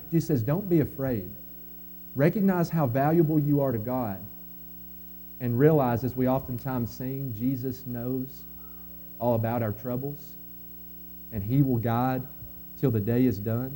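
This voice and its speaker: A man preaching a sermon as pastor, earnest, rising to emphatic quotes and dropping soft again. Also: mid-range voice, slight background noise. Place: church sanctuary.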